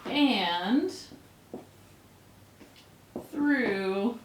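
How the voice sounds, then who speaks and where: A woman's voice: on the high side, animated, very slow, slight background noise. A woman teacher giving a casual grammar lesson, chatty and playful, with asides to her students. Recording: echoey room.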